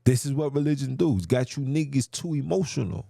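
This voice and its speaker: A man's voice: medium pitch, lively intonation, a little fast, gravelly, warm tone, dry recording, clean studio sound. A man hosting a podcast, telling a story in a heated rant. He fires off rhetorical questions and uses street slang. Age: adult. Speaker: podcast host. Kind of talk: ranting monologue.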